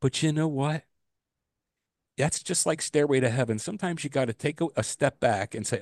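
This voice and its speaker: A male podcast co-host tells stories in a loose, animated way, his pitch ranging widely and leaping up when he gets exasperated. He swears freely. The sound is dry and close. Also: fairly quick, dry recording. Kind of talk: casual chat.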